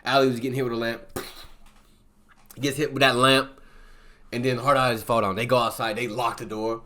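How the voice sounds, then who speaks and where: A man's voice: medium pitch, level tone, a little fast, sharp tone. A man recapping a film plot in a casual, rambling way, with constant filler words. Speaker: movie reviewer.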